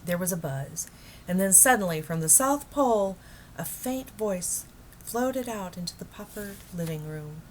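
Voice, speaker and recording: A woman reading a children's novel aloud in a calm, measured narrating voice. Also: fairly low pitch, slight background noise. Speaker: storybook reader.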